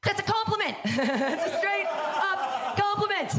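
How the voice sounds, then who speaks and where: A woman in her fifties tells brash, self-mocking jokes in a high voice that jumps around a lot. She is recorded live at a comedy club, and a loud crowd fills the room behind her. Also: expressive, unhurried, very noisy. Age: 50s. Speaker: stand-up comedian. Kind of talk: stand-up comedy set.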